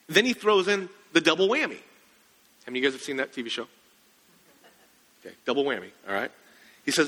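High, bright-voiced preacher. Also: male voice, expressive, brisk, long reverb tail. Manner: conversational, asks the congregation questions. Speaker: pastor. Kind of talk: sermon.

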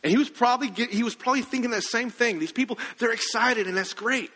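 High, bright-voiced preacher. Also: male voice, fast, in a large hall. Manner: conversational, asks the congregation questions. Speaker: pastor. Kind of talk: sermon.

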